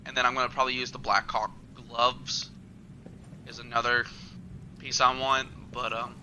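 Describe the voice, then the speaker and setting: A man's voice: medium pitch, little pitch movement, moderate pace, pushed and bright, highs cut off, slight background noise. A young man hosting a gaming channel, talking loosely with lots of fillers as he plays. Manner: rambling, loose and filler-heavy. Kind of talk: casual gameplay commentary.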